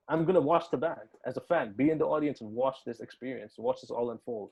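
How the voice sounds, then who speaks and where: Guy in an interview telling a story, gets excited, swears a lot, repeats himself. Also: mid-range voice, quick pace, breathy edge, poor audio. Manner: animated, swears, repeats words when excited. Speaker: metal band guitarist, interview guest.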